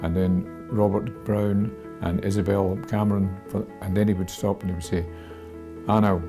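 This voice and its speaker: A man telling a humorous parish anecdote in a measured, dry way. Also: sits low, flat delivery. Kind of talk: storytelling. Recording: guitar music behind.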